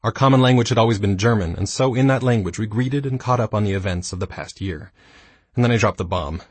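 A man in his thirties reading his own nonfiction book aloud, with dry, self-mocking humor and a slightly husky voice. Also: lowish voice, quick pace, no echo. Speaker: audiobook narrator. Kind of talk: scripted nonfiction narration.

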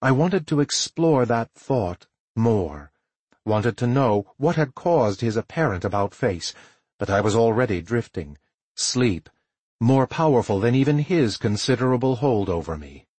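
A man narrating a first-person audiobook in a measured, tired storytelling manner with a husky voice. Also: mid-range voice, expressive, a little mellow, dry recording.

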